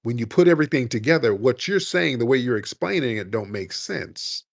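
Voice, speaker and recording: A man's voice: medium pitch, lively intonation, a little fast, gravelly, no room sound, studio quality. Combative man hosting a debate. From Detroit, USA. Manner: combative, repeats himself, calls the caller sir and dude. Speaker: show host. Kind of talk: heated call-in debate.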